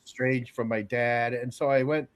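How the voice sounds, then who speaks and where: A man's voice: medium pitch, steady tone, moderate pace. An older man and podcast regular, telling rambling stories in casual chat and stumbling over words.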